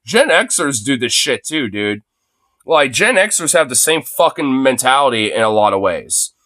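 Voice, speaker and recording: A man's voice: medium pitch, sing-song, measured pace, bright, forceful tone, no echo. Late 20s guy ranting into his phone, cussing nonstop, tons of "you know" and "dude", dry close sound. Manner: profane, heavy fillers like "you know" and "dude". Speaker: livestreamer. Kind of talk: angry ranting monologue.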